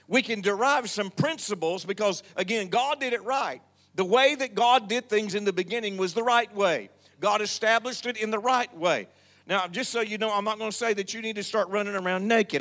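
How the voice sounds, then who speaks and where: A man's voice: high-pitched, a bit bright. An older man preaching a sermon in a church, calling on the congregation to answer him. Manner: preachy, calls on the congregation to respond. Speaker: pastor.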